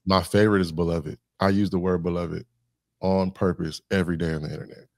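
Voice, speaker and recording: This man's voice sits low and is gravelly and a little mellow, brisk but steady in tone, captured in echo-free studio quality. As a podcast guest and communication specialist, he reflects carefully, laying out ideas through lists and examples.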